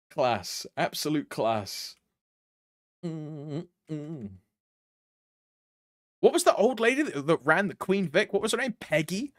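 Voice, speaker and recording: A man's voice: on the high side, animated, slow pace, pauses often, fairly bright tone, no room sound, studio quality. Laid-back British man streaming. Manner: laid-back, lots of laughing asides. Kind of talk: casual game stream chat.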